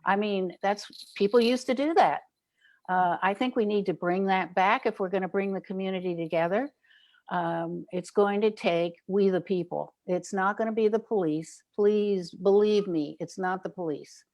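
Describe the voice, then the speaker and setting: An older woman appears as a guest on an interview show, where she works as a child safety advocate. Her voice is medium-pitched and a little mellow, and she speaks at a normal speed. She tells stories about her community and acts out the neighbors she quotes.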